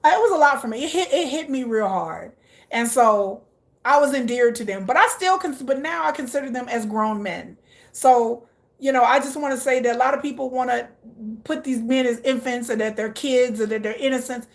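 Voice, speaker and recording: A woman's voice: fairly high pitch, normal speed. A woman vlogger chatting casually, gushing and laughing often while reacting aloud to viewer comments. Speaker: K-pop vlogger. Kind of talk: casual chat.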